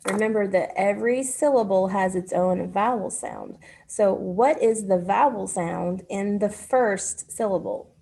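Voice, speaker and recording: A woman teaching a phonics lesson to children, speaking patiently and pausing for their answers. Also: mid-range voice, gravelly, darkish tone, slightly rough.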